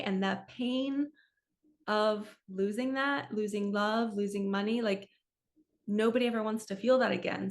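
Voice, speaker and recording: Woman, spiritual coach, heartfelt weekly reading, earnest and open, mid-pitched. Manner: earnest and open, laughs softly at herself.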